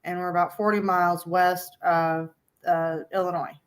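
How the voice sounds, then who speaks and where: A woman's voice: lowish voice, flat delivery, normal speed. A woman from Iowa, a podcast guest, speaking plainly and matter-of-factly. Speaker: B&B owner guest. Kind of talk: casual chat.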